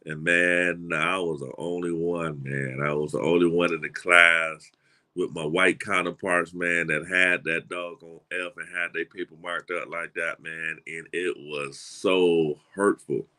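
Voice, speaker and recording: A middle-aged man with a Southern US accent gives a motivational talk in an animated, folksy storytelling style, often restarting and repeating words. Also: deep voice, unhurried. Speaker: motivational speaker.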